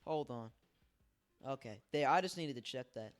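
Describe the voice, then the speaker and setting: A man's voice: mid-range voice, lively intonation, moderate pace, clean tone, soft background music. A tired man giving casual, rambling, self-deprecating commentary while playing a game at his home setup on a desk microphone. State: tired, early morning. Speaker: let's play host.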